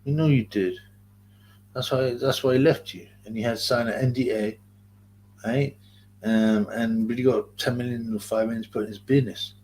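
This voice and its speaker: There's slight background noise as a man speaks at normal speed with a medium, darkish voice and fairly even intonation. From Greater London and with a London accent, he hosts a relaxed livestream, rambling in slang and reading chat aloud.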